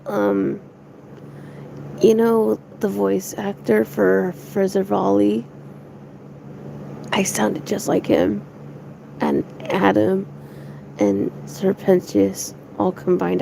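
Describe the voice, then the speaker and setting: A woman's voice: mid-range voice, noisy background. A young woman streamer chatting casually to her viewers, rambling, giggly and swearing a lot. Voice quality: gravelly fry.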